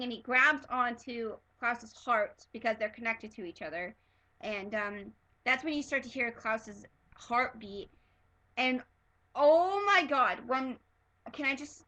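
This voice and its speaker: A woman recaps a TV episode for her fan vlog in a rather high, bright, forceful voice. She gushes and rambles, full of fillers and restarts. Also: rough recording. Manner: excitable, gushing, many fillers and restarts. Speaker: TV episode reviewer. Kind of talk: casual fan review vlog.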